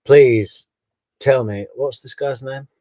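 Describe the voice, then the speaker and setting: A man hosts casual live commentary on a trial, sounding sarcastic and exasperated as he reads out viewer comments. His voice sits fairly low. He is recorded on a close, dry mic with no room sound. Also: measured pace, no echo. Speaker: livestream host commenting on a trial.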